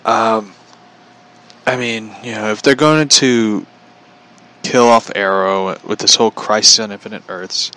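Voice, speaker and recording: A man's voice: lowish voice, fairly even intonation, a little slow, pushed and bright. A young man chatting casually on a livestream, rambling, often chuckling and reading out viewer comments. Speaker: vlogger.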